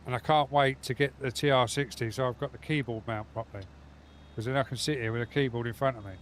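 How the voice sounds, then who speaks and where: A man streams a game from home and talks straight to his viewers in a loose, rambling way. His voice sits at an everyday middle pitch. A faint hum of background noise runs under it. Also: fairly even intonation, fast. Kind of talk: casual live gaming stream chat.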